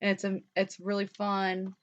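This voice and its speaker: Her mid-range voice comes out completely flat at a normal speed as this young podcast co-host rambles through relaxed talk-show chat. She leans heavily on "like" and swears mildly here and there, all captured in a dull, lo-fi recording.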